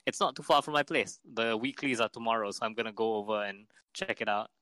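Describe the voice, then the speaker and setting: Bright-voiced young man. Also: fairly low pitch, fast, dry recording, poor audio. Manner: rambling storyteller, laughs a lot. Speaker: podcast co-host. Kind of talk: casual chat.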